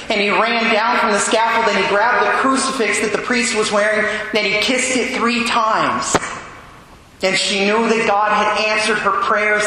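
A man's voice: high-pitched, bright, forceful tone, a little hiss or hum. A man preaching a homily to children, telling saint stories and calling on listeners by name. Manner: storytelling, calls on listeners by name. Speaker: priest. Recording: echoey church with long reverb.

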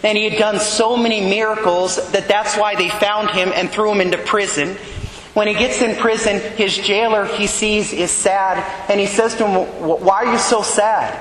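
A man's voice: high-pitched, steady tone, normal speed, fairly bright tone, roomy sound, big-room sound, a little hiss or hum, rough recording. A man giving a homily as a priest, earnest and conversational, often checking in with "right?".

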